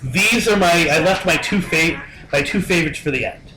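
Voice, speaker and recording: Podcast host, male, rambling storyteller, fairly high voice, echoey room. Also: normal speed. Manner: rambling, many fillers and restarts. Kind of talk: casual storytelling chat. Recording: roomy echo, faint noise.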